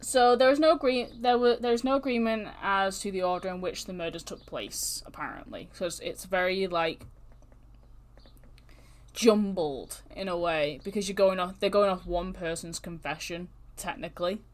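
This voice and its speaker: A woman hosting a podcast, telling stories in casual, animated chat with plenty of swearing. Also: on the low side, normal speed. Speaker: podcast host.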